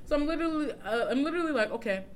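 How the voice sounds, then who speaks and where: A woman's voice: high voice, very fast. A woman co-hosting a podcast, telling a dating story in casual chat, laughing often and acting out the quotes. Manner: animated, laughs often, acts out quoted texts. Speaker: podcast co-host.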